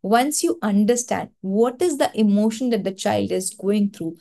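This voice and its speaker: A woman's voice: mid-range voice, normal speed, vocal fry, dark tone. A woman with an Indian accent leading an online training webinar, talking in an earnest, coaching way and repeating words for emphasis over a video call mic. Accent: Indian English.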